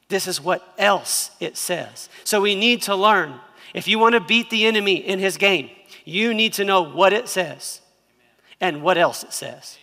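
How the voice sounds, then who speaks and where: A man's voice: high voice, normal speed, bright, forceful tone, big-room sound. A man in his thirties, a pastor preaching an emphatic sermon who has the congregation repeat lines after him.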